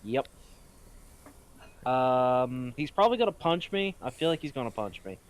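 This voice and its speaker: A man's voice: medium pitch, sing-song, moderate pace, crowd noise. A man playing a tabletop game in a matter-of-fact way with dry humor. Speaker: player.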